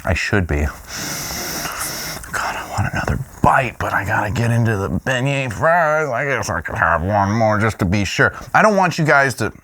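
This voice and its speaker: A man tastes dishes on camera and reacts with playful, excitable enthusiasm. His voice is animated and lively, swinging widely in pitch, and he hums with delight between bites. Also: normal speed. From Louisiana, US. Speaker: food show host. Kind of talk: food tasting vlog.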